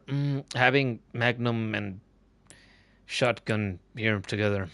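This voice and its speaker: A man's voice: on the low side, measured pace, gravelly, pushed and bright, dry recording. Joking gamer man with a mock Aussie twang. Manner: jokey, tacks a mock Australian "mate" onto every line; stammery restarts. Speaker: game streamer. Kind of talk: casual live-stream commentary.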